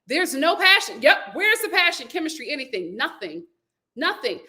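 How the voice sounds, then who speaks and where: A young woman hosting a casual live stream, reading viewer comments aloud and chatting in an animated way with frequent laughter. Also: sits high, normal speed.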